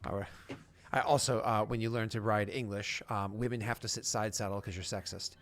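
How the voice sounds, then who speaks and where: A man's voice: on the low side, steady tone, brisk, fairly bright tone. A man narrating a tabletop game as game master, in a loose, chatty way full of fillers. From United States.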